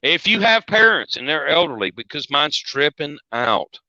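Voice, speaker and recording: A man's voice: on the high side, very animated, moderate pace, bright, forceful tone, no echo. A man calling in to a livestream, speaking bluntly and urgently. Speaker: call-in guest. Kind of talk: casual chat. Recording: dry, dull lo-fi call audio.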